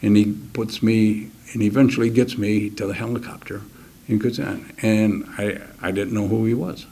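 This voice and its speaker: An older man telling a personal war story in an interview, halting and restarting, sometimes dropping to a near whisper. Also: fairly low pitch, steady tone, gravelly, mellow, slightly rough. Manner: halting, many restarts, drops to a near whisper at key moments; acts out other soldiers' words in quick quoted voices. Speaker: interview guest.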